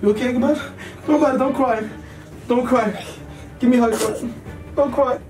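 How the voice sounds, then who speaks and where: A young man in his twenties hosts a casual prank vlog at home, teasing and excitable in his delivery. He sounds a little away from the mic, with faint music underneath. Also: extremely high pitch, normal speed, recorded from a distance. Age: 20s. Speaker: vlogger pranking children.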